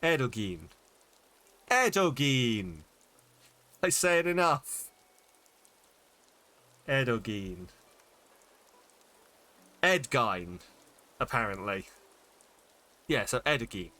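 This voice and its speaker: A man's voice: mid-range voice, lively intonation, slow pace, pauses often, bright, forceful tone. A man streaming a game, chatting casually and thinking aloud as he sounds out Japanese words, with many fillers. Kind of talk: casual live-stream chat while reading Japanese.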